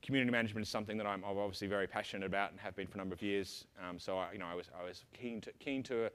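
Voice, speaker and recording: Australian man, middle-aged, rapid-fire rambling keynote speaker. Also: fairly low pitch, steady tone, fairly bright tone. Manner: rapid, rambling, lots of ums and self-interruptions. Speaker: conference speaker. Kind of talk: conference keynote talk. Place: conference hall stage.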